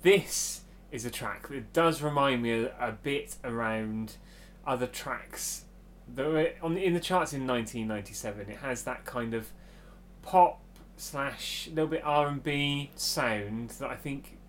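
A man co-hosting a podcast in casual chat, relaxed and chatty as he announces each track. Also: mid-range voice, unhurried, a little hiss or hum. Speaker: podcast co-host.

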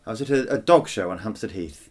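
A man's voice: lowish voice, animated, fast. A man co-hosting a casual album review chat, dry and opinionated with a teasing streak. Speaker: podcast co-host.

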